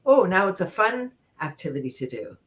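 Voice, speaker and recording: A woman's voice: fairly low pitch, sing-song, moderate pace, fairly bright tone. A woman guest leading laughter yoga exercises on a talk show, bubbly, laughing often and chanting and cheering along.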